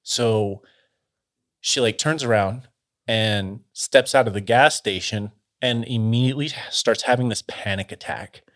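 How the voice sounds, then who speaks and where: A man telling a story casually, in a loose, halting way full of fillers and restarts. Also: on the low side, a bit bright.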